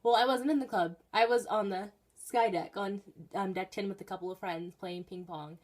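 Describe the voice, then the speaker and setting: A teenage girl telling stories in a casual, rambling vlog from her bedroom, with bursts of excited emphasis. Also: mid-range voice, normal speed. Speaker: vlogger.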